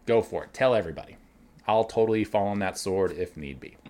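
A middle-aged man with a fairly low voice hosts his own show. He speaks as a working winemaker in an easy, animated, folksy monologue. His pitch and energy swing up and down as he makes his points. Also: brisk. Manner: animated, conversational, folksy with sports metaphors. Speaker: winemaker and podcast host. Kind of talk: casual monologue.

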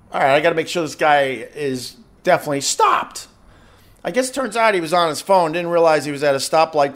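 A man on a live stream, telling a story with lots of excitement and stumbling restarts. His voice sits a bit high for a man and swings up and down a lot as he gets worked up. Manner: excitable, acts out shouted quotes, frequent restarts. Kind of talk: animated casual storytelling.

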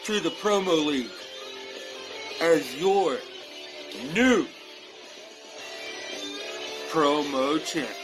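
A man delivering a boastful, menacing wrestling promo, slow and deliberate. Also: fairly high pitch, expressive, poor audio. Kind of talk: scripted wrestling trash-talk promo. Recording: guitar music playing loudly behind.

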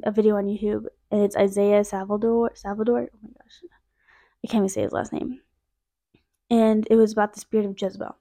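A woman's voice: medium pitch, gravelly, warm tone. A young woman hosting a podcast, telling a personal faith testimony in a casual, chatty way, with many fillers and asides to her listeners. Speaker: podcast host.

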